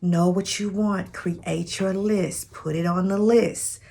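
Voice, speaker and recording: In a slow, steady mid-range voice that's gravelly, mellow and a bit rough, a woman vlogs dating advice to viewers she calls sis. She talks to camera in a casual, chatty, preachy way, spiritual in tone and urging prayer and manifesting.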